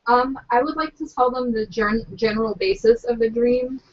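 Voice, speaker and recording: A woman's voice: on the high side, normal speed. A woman playing a tabletop game, speaking a little hesitantly about her character's actions. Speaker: player. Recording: distant, lo-fi, with hiss.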